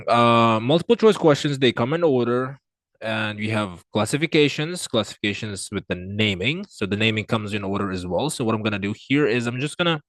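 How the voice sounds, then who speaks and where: A man teaching an exam reading lesson, working through answers aloud with frequent fillers, restarts and swings in pitch and loudness. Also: no room sound. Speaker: IELTS tutor. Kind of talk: screen-recorded reading lesson.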